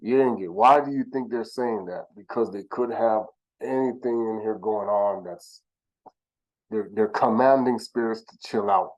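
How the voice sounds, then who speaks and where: Man, low voice, casual scripture lesson, slow sounding-out of names, frequent self-corrections. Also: a little mellow, rough recording. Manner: asks the listener rhetorical questions. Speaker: teacher of scripture. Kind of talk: informal religious teaching.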